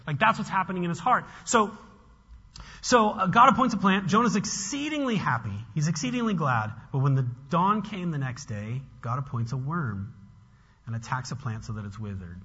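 A man preaches in an animated, conversational way, often restarting his sentences. His voice is husky and a little high. Long reverb from a large hall surrounds a dull, lo-fi recording. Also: moderate pace. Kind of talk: expository sermon.

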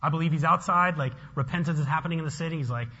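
A man preaching an expository sermon in an animated, conversational way, often restarting his sentences. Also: fairly high pitch, very fast. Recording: long hall reverb, dull lo-fi sound.

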